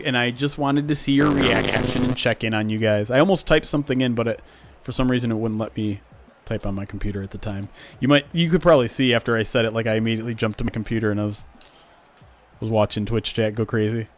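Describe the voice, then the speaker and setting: A man's voice: medium pitch, quick pace, vocal fry, soft background music. A young man hosting a live stream, chatting casually with viewers and calling plays from a football game simulation. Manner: chatty, reads chat aloud, gets loud at big plays.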